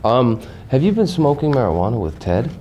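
A man's voice: mid-range voice, sing-song, a little fast, muffled recording, background noise. A man being interviewed as an actor, teasing and wry, laughing easily. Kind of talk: joking interview.

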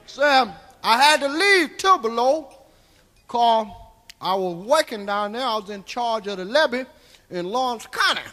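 A comedian playing a crude, rambling old Southern storyteller with a Southern US accent, drawling folksy tales on a live stand-up stage. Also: male voice, very high voice, expressive, unhurried, bright, forceful tone, heavily acted. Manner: drawling, folksy, keeps tagging lines with "see?". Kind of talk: live stand-up character monologue.

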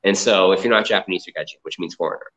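A man from the Boston area talks in a fairly low voice, winding through stories with plenty of "like" and "you know" as he goes. The sound is dull and lo-fi, as if it came over a video call. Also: rapid-fire, fairly bright tone. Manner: rambling, filler-heavy storytelling. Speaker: guest, comic art collector and entrepreneur. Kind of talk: casual interview chat. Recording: dull lo-fi audio.

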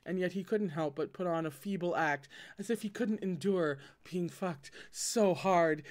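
A man's voice: high voice, unhurried, hardly any pauses. A man hosting a casual read-aloud of a novel, often breaking off the text for wry, joking commentary. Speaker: host reading a novel aloud.

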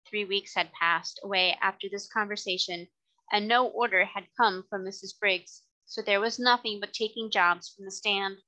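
Woman tutor, bright voice, reading a classic novel aloud, clear and measured. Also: mid-range voice, steady tone, poor audio.

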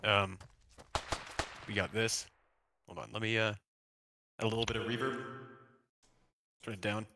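A man recording voice lines at a microphone in his room, in a hurried casual chat with repeated phrases. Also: on the low side, little pitch movement, sharp tone, no echo. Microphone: close desk microphone.

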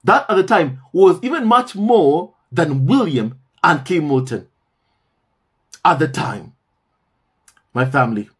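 Husky emphatic man with lively pitch. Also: slow, long pauses. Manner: emphatic, repeats phrases for stress; addresses viewers as "my family". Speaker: commentary channel host. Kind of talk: casual monologue commentary.

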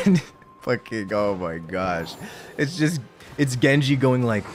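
A man's voice: on the high side, animated, measured pace, slight background noise. A young man streaming, chatting casually with laughter and casual swearing.

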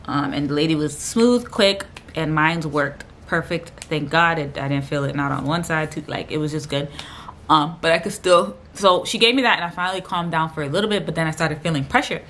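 A woman's voice: sits low, fairly bright tone, a little hiss or hum. A young woman vlogger telling a personal story to camera in a casual, rambling way with lots of fillers. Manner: fast, rambling, lots of fillers and quoted dialogue.

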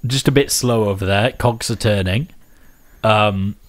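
A man with a fairly low voice hosts a loose, chatty radio show. He teases his co-hosts and rambles through his links in an easygoing way. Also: unhurried. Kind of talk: casual studio chat.

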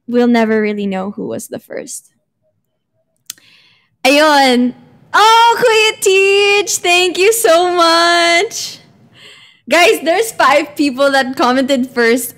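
A woman with a Filipino accent hosting a casual livestream, bubbly and giggly as she chats with viewers. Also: high voice. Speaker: livestream host.

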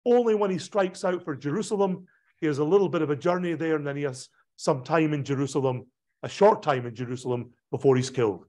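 Conversational pastor lecturing with a map. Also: male voice, on the high side, fast, darkish tone. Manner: conversational, digressive lecturing with frequent fillers and restarts. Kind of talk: illustrated talk on pilgrimage. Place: church hall presentation.

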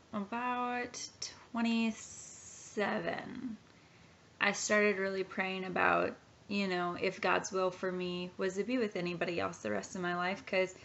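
A Christian woman in her thirties shares her testimony in a home vlog from a nursery, sounding earnest and heartfelt. Her medium-pitched voice has vocal fry and a fairly bright tone, and the recording is dull and lo-fi.

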